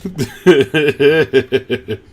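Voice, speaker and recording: A man hosting a live watch-along stream, reacting with excitement, gasps and laughter. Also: fairly high pitch, very slow, breathy edge. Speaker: livestream host.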